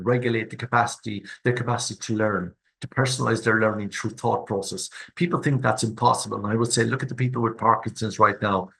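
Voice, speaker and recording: A man's voice: lowish voice, gravelly, fairly bright tone, poor audio. A man, speaking as a guest expert in an interview, talking passionately and repeating words for emphasis. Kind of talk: conversational interview.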